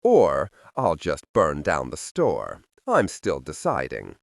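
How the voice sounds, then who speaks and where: A man's voice: extremely low pitch, huge pitch swings, slow pace, creaky, no room sound, voice pushed down, full character voice. A man voicing a smug, protective male demon with a Southern drawl, dry and pointed.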